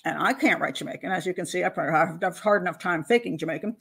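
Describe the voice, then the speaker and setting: Woman host, casual true-crime commentary, chatty, self-interrupting, mid-pitch voice. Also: sing-song, fast, few pauses, breathy edge.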